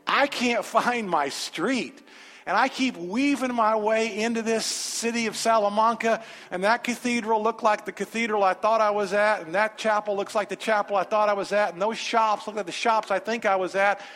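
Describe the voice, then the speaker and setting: In a large, reverberant church sanctuary with faint music, a man preaches a sermon. He tells a personal story with animated energy before moving into an emphatic altar call, speaking in a high voice at a moderate pace.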